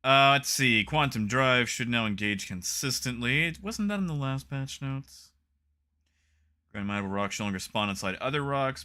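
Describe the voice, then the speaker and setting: A young man talks to his live-stream audience in a relaxed, casual way. His voice is bright and forceful, and his pitch swings up and down a lot. He reads patch notes aloud and drops dry, wry asides.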